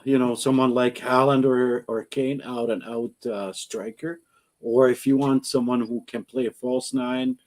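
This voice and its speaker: A man on a fan show explaining his view in a measured way, with fillers and stumbling self-corrections. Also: mid-range voice. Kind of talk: casual live fan-show chat.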